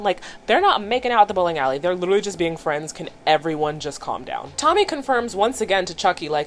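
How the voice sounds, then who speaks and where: A chatty woman vlogger recaps a cartoon episode in casual, animated commentary. Her voice is mid-pitched, and her tone is playful and conversational. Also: brisk, a little hiss or hum.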